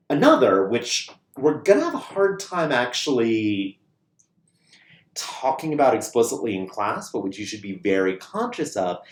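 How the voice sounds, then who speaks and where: Male professor, casual video lecture, lively sing-song delivery, roomy echo. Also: on the low side. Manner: casual and lively, frequent "right?" check-ins, mild swearing. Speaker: university classics lecturer. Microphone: camera mic. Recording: echoey room.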